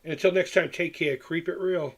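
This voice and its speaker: A man's voice: a little high, fairly even intonation, a little fast, vocal fry. A middle-aged man hosting a casual livestream, reading chat and rambling candidly, often repeating himself and restarting his sentences.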